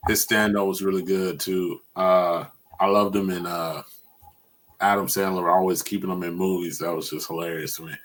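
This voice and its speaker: A man with a low voice hosting a relaxed podcast conversation. He rambles loosely with plenty of fillers and restarts, and keeps slipping into retold jokes. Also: normal speed, slight background noise. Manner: rambling, retells comedy bits in put-on voices. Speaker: podcast host. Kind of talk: casual chat.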